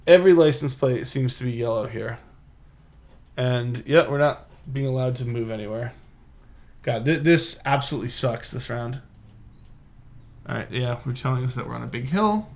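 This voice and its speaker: A man's voice: mid-range voice, normal speed, creaky, pauses often. Man rambling through live game commentary. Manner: rambling, thinks aloud, self-mocking. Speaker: game streamer.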